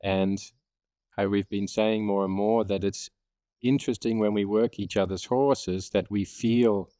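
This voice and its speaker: A man with an Australian accent talks in an easygoing, friendly way about training horses. His voice is very low and warm. The recording is close and dry. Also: no echo. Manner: easygoing, laughs often. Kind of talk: casual conversation.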